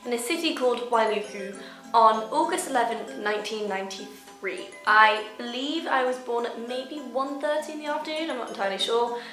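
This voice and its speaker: A woman's voice: on the high side, brisk, fairly bright tone. A young woman from Hawaii chatting casually to camera in a bubbly, self-mocking way. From Hawaii, USA. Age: young adult. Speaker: vlogger. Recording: roomy echo with faint music.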